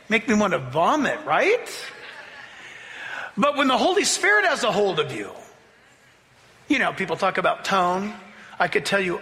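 A man preaching a sermon as pastor, animated, acting out voices to make his points. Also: sits high, a little slow, pauses often. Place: church sanctuary. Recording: long hall reverb.

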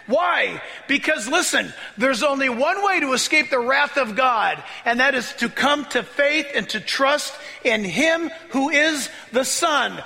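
A pastor preaching a sermon with excitable energy, often laughing and rising into shouts as he reads scripture. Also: extremely high pitch, unhurried, gravelly, hardly any pauses. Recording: long reverb of a large hall.

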